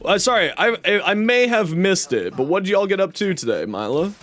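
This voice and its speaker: A man's voice: sits high, sing-song, brisk, fairly bright tone. A man streaming a video game live, chatting casually and playfully with his viewers. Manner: playful, joking, chatty with chat.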